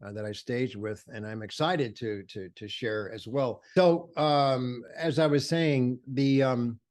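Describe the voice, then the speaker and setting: Unhurried and darkish in tone, the mid-range voice comes from an older male photographer. He shares stories in an interview with real enthusiasm, voicing the people he quotes, his speech peppered with fillers and restarts as in animated conversational storytelling.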